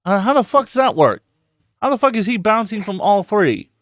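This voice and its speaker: A man hosting a loose, profane podcast chat, talking in a fairly high voice that jumps up when he gets worked up. He repeats words as he rushes to make a point. The recording is dry and close. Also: no echo. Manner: excitable, swears a lot, repeats words. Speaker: podcast host.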